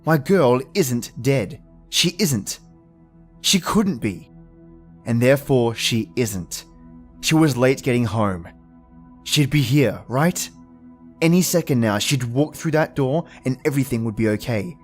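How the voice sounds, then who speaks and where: A man's voice: medium pitch, expressive, a little slow, faint music behind. A man narrating a first-person horror story in a somber, emotional manner.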